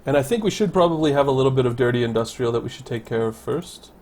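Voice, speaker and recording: A man's voice: medium pitch, animated, fast, a little mellow. A man casually commenting on his city-building game, thinking aloud and correcting himself as he goes. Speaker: let's play commentator.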